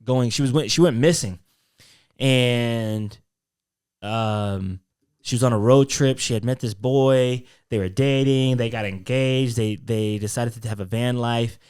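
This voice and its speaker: A man's voice: mid-range voice, unhurried, a little mellow, clear, resonant tone. A young man co-hosting a podcast, telling a story in casual chat with loose fillers and quoted voices. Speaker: podcast co-host.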